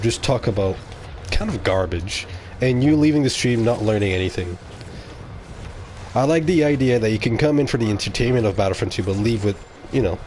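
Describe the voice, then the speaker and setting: A man's voice: fairly low pitch, darkish tone, a little hiss or hum. A man streaming live, rambling bluntly and talking straight to his chat. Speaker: game streamer.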